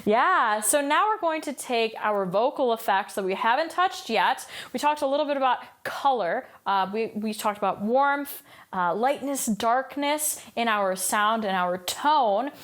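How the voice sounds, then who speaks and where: A woman's voice: fairly high pitch, animated, measured pace, a bit bright. A woman vocal coach giving a singing lesson, explaining exercises in an upbeat way and demonstrating them by singing scales.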